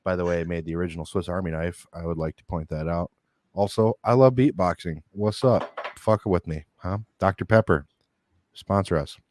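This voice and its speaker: A man's voice: low-pitched, normal speed. A man co-hosting a casual morning show, trading crude jokes and profane banter. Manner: profane, joking, animated. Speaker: co-host.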